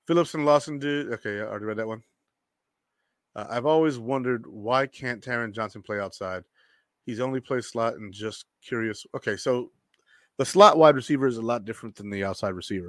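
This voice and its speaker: Guy hosting a sports chat, bright punchy voice, jumps between loud and quiet, dry close sound. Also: on the low side, no echo. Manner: energetic, animated, joking, quick bursts. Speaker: sports show host. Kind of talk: casual sports chat reading viewer comments.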